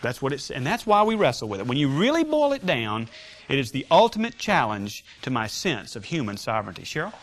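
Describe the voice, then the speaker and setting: A man's voice: mid-range voice, wildly swooping pitch, a little fast. A man teaching a Sunday school Bible class, emphatic and joking with his students as they discuss scripture.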